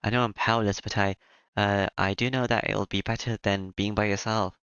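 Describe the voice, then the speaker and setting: A man reading the part of a gentle, devoted young maid woman from a game, with a halting delivery full of small fillers. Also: fairly low pitch, steady tone, clean tone, no echo. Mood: pleading. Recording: dull lo-fi with music behind.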